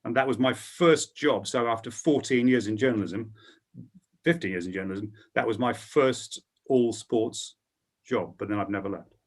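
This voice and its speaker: A man's voice: on the low side, moderate pace, husky. A middle-aged man, a sports broadcaster on a panel, telling his career story with plenty of ums. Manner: storytelling, hesitant with frequent ums. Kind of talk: anecdotal panel talk.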